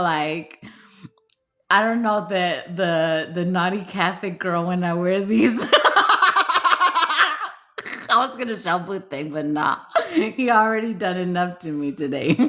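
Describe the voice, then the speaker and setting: A woman hosting a live chat, teasing her viewers with bawdy jokes and laughing constantly. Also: lowish voice. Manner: bawdy joking banter. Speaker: livestream host.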